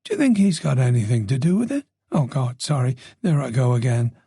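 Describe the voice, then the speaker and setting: A man's voice: medium pitch, big pitch swings, creaky, warm tone, breathy edge, no echo, studio quality, exaggerated voice. A man voicing a chatty, observant older woman with a faint Dublin accent, teasing and talking on in an audiobook. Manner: gossipy, teasing, talks on quickly.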